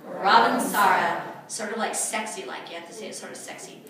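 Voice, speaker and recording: A woman's voice: medium pitch, fast talker, background noise. Playful woman presenter in echoey room. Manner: playful, teasing, energetic. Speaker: workshop presenter. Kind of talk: live demonstration to an audience. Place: event room at a retreat. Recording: echoey room, mic far off.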